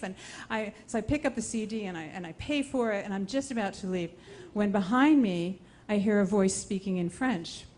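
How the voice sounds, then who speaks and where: A woman from the United States telling a personal story on a live storytelling stage, animated and often interrupting herself as she acts out dialogue. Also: mid-range voice, a little fast, a little hiss or hum.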